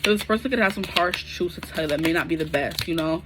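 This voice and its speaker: A woman's voice: on the low side, fast, noisy background. Chatty young woman reading tarot cards. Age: 20s. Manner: chatty, slangy, animated asides. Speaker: tarot reader. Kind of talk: casual tarot reading to camera.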